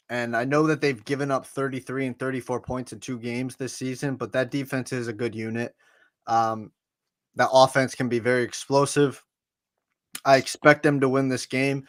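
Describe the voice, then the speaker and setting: A man's voice: mid-range voice, fairly even intonation, moderate pace, a bit bright, no room sound, clean studio sound. A man co-hosting a sports podcast, making emphatic picks and leaning on "listen" and "like I said". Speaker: podcast co-host.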